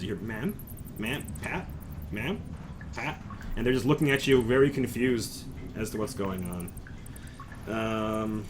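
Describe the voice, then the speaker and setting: A man's voice: medium pitch, a little hiss or hum. A man narrating as game master of a tabletop game in casual chat, often chuckling and restarting his sentences.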